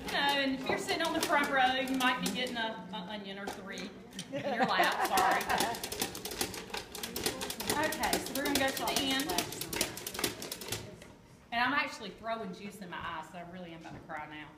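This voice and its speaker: A woman's voice: fairly high pitch, expressive, a little fast, pauses often. A woman giving a chatty, joking live cooking demonstration and quizzing her audience. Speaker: kitchen product demonstrator. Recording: echoey room with background noise.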